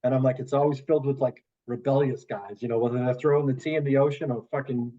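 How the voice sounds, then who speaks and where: A man's voice: mid-range voice, steady tone, fast talker, mellow, muffled recording. A man from the Boston area, a comedian guest, chatting casually and telling rambling stories with lots of swearing. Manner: rambling storyteller, swears freely, acts out quoted voices. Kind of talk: casual podcast chat.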